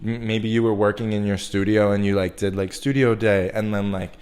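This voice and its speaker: A man's voice: on the low side, fairly even intonation, brisk, darkish tone, smooth. A man in his twenties from New York, a guest artist chatting casually and meandering, full of "like" and restarts. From New York, USA. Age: 20s. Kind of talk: casual interview chat.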